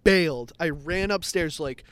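A young man with a slightly higher voice rambles through a story on a podcast. He piles up fillers and curse words as he talks. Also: a little slow, fairly bright tone, clear, resonant tone. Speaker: podcast co-host. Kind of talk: casual chat.

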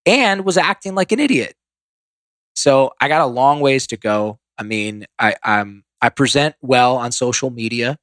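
A man's voice: medium pitch, a bit bright, no room sound. A man who is a podcast guest, telling candid stories in a rambling, self-deprecating way with many restarts. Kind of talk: candid storytelling.

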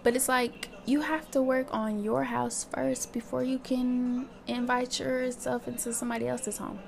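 A woman's voice: a little high, flat delivery, normal speed, creaky, slight background noise. A young woman hosting her own podcast, talking candidly in a casual monologue and swearing freely. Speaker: podcast host.

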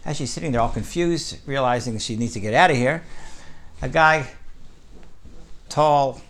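Gravelly-voiced man teaching Torah. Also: medium pitch, normal speed. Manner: animated, rising with emphasis, frequent "right?". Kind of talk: storytelling Torah class.

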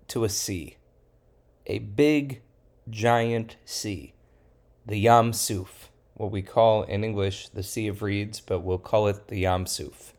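A man, a rabbi, retelling a Bible story for children in a lively, playful way. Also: fairly low pitch. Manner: lively storyteller, plays characters in quotes.

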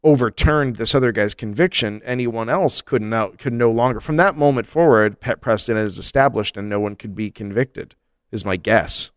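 A man co-hosting a comedy podcast, joking in a deadpan way. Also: medium pitch, moderate pace, no echo, studio quality. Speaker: podcast co-host. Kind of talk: casual comedic chat.

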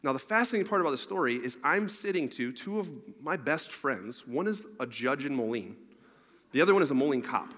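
During a sermon, a man tells a rambling, funny personal story, animated and laughing along as he goes. His voice is medium-pitched and brisk, with the long reverb of a large hall.

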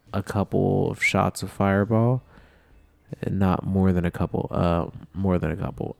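A man's voice: low-pitched, vocal fry, a little mellow, clear, resonant tone, no room sound. A drunk man telling a rambling, profane story to his camera, mocking himself as he goes. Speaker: vlogger.

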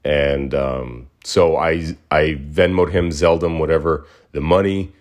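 A man's voice: rumbling low, steady tone, a little slow, darkish tone. A man hosting his own podcast in a casual solo chat, rambling and repeating himself, with an upbeat sign-off. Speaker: podcast host.

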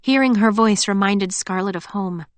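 A woman narrating an audiobook in a calm, measured storytelling manner. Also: medium pitch, no echo. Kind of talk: scripted narration.

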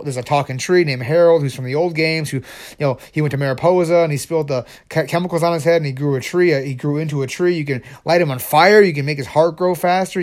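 A man hosting his own podcast, chatting casually and excitably, rambling with frequent restarts. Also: a little high. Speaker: podcast host. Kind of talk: casual solo podcast chat.

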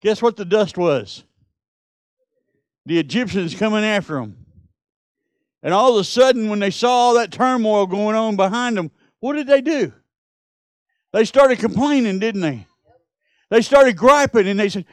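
A man's voice: sits high, expressive, moderate pace, long pauses, dry recording, clean studio sound. A middle-aged man, preaching a sermon and telling Bible stories with rising, emphatic peaks. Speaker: pastor.

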